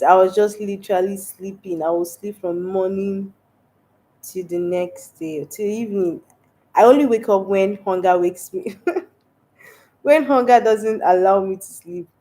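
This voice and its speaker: A woman's voice: lowish voice, warm tone. A young Nigerian woman with a stuffy, congested voice from a cold, chatting casually on a livestream and laughing often. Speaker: livestream host. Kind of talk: casual livestream chat reading comments.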